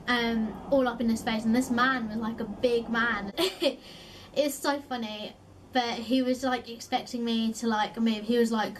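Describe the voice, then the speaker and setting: A young woman with a South East London accent, her voice sitting a little high, talks casually to the camera and keeps dropping in "like". She sounds a bit away from the mic, with a faint hum in the room behind her. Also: fairly even intonation, moderate pace, distant mic, rough recording. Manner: chatty, lots of "like" fillers, laughs often. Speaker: vlogger. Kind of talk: casual chat.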